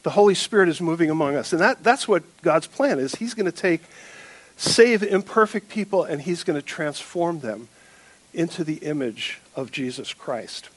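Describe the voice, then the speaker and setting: A male pastor giving a sermon, first in a quiet prayer, then preaching with questions to the congregation and light humor. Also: a little high, expressive, moderate pace, no room sound.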